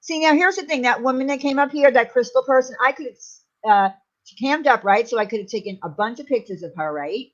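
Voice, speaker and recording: A woman co-hosting a casual livestream and chatting in an animated way. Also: high-pitched, fast. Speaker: co-host. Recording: dull lo-fi sound.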